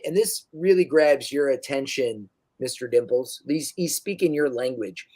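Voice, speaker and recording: A woman running a tabletop game, narrating quickly and casually with fillers and frequent self-corrections. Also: extremely low pitch, dark tone. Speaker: game master.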